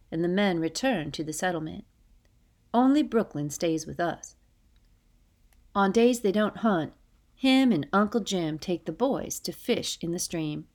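Female audiobook narrator, first-person storytelling, steady folksy read, slightly low voice. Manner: steady, unhurried reading with folksy dialect.

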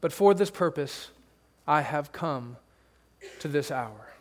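A man's voice: a little high, expressive, slow pace, long reverb tail. A man pastor preaching a sermon, conversational and emphatic, with rhetorical questions to the congregation.

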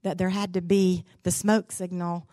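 A woman's voice: fairly low pitch, flat delivery, normal speed, dark tone, no echo. A woman, a pastor's wife giving a devotional talk in a folksy, candid, humorous storytelling way. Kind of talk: sermon-style devotional storytelling.

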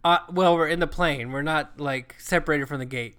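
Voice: mid-range voice, moderate pace, fairly bright tone, smooth. A co-host telling a travel story in casual chat, swearing freely and acting out what people said. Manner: profane, chatty, acts out quoted lines.

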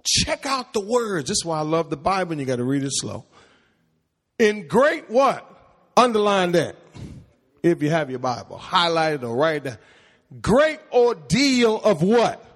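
A husky-voiced man preaching in a church, his voice pitched high and leaping widely in call-and-response. He drags out his words at an unhurried pace. A long reverb from the sanctuary trails each phrase. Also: sing-song. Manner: preaching with rising calls and questions to the congregation. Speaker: pastor.

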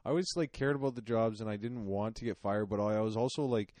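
A young man with a lowish, mellow voice tells rambling, self-mocking stories full of fillers. It is casual comedic podcast chat, recorded close and dry. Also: quick pace, no echo. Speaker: podcast co-host.

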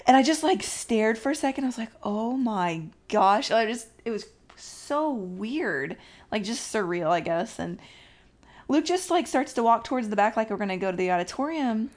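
A woman telling a story in a casual chat, excitable, laughing and acting out what people said. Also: fairly high pitch, normal speed. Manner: excitable, laughing, acts out quotes.

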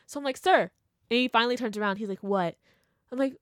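A young woman telling a story in casual chat, animated and full of fillers, acting out what people said. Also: medium pitch, a little fast, dry recording, studio quality. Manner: animated, chatty, full of "like" and laughter, acts out quotes. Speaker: vlogger.

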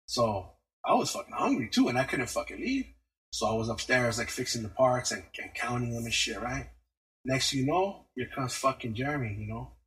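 A man's voice: medium pitch, a little fast, a bit bright, slightly rough, low-quality recording. A man telling a story in a casual podcast rant, heavy on slang and cursing. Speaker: podcast host.

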